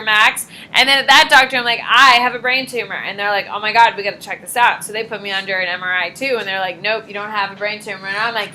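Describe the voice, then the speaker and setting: A woman teacher gives a casual, jokey lecture in a classroom, talking fast on the high side with hardly any pauses. She's animated and acts out little dialogues as she explains, though the audio quality is poor.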